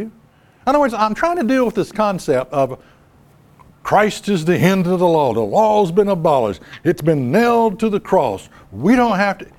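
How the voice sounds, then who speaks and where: A man's voice: sits high, a little mellow. A man preaching a sermon, emphatic, repeating key lines and asking the audience rhetorical questions.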